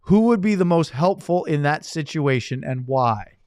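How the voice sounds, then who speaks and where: A man's voice: on the high side, expressive, moderate pace, darkish tone, smooth, no echo, clean studio sound. A man hosting a casual podcast chat, running the show and reading listener questions aloud. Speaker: podcast host.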